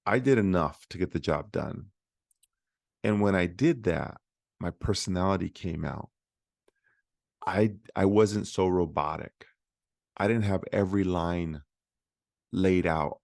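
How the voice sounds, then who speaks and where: Man, very low gravelly voice, dry close sound, motivational solo podcast talk. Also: a little slow, pauses often, darkish tone, dry recording. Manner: conversational, many fillers and restarts. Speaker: podcast host, physical therapist.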